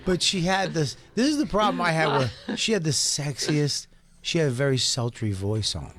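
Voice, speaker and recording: A man's voice: a little high, animated, normal speed, fairly bright tone. A man co-hosting a talk radio show, chiming in with blunt comments during a casual chat.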